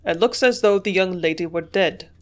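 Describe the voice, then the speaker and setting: Woman doing a gruff older German doctor. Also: lowish voice, moderate pace, natural voice. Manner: gruff, grunting, growling. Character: older German male chemist, gruff and terse.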